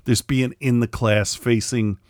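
A middle-aged man chatting casually on a podcast, ranting and cursing about everyday annoyances. He slips into quoted voices to mock people. His voice sits at an ordinary pitch and sounds close and dry. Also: unhurried, no echo. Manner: animated ranting, profane, mimics people in quotes. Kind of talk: casual chat.

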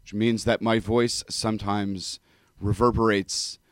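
A man from Canada with a mixed Canadian accent tinged with New York, a rabbi co-hosting a radio show, speaking loudly and passionately with frequent restarts. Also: lowish voice, level tone, measured pace, clean tone, no echo, studio quality. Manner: passionate, loud talker with many restarts. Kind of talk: casual radio talk show chat. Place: radio studio. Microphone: studio microphone without windscreen.

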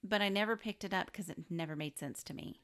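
A woman's voice: medium pitch, fast, fairly bright tone. A woman co-hosting a movie chat, adding dry asides and short agreements. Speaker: podcast co-host. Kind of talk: casual chat.

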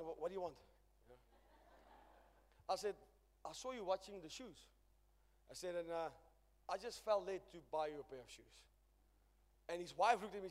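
High-voiced South African preacher in a reverberant hall. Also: male voice. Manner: emphatic storytelling preacher, swings loud and soft. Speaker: pastor. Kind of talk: sermon. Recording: long church reverb.

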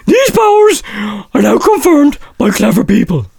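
A man's voice: very high voice, huge pitch swings, moderate pace, creaky, crowd noise. A man co-hosting a comedy radio show, reading a listener letter in a theatrical, smug, mocking way.

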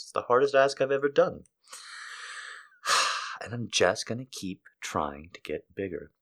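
A man's voice: mid-range voice, a bit bright. A man hosting a podcast, delivering a rambling, profane comedic monologue. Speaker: podcast host.

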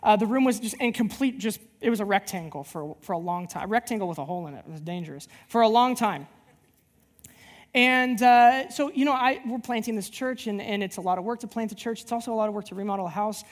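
Speaking fast with few pauses in a high voice, a man who pastors a church plant rambles animatedly through a personal story during his sermon, often starting over. Long hall reverb fills the recording.

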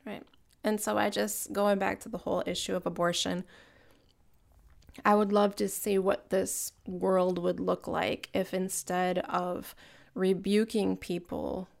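A woman's voice: fairly low pitch, vocal fry. A woman co-hosting a faith-based conversation, talking in an earnest, reflective way.

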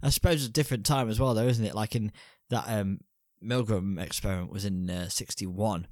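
A man's voice: fairly low pitch, fairly quick, a little mellow, no echo, clean studio sound. A man co-hosting a casual film review podcast, bantering crudely with rambling asides. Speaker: podcast co-host.

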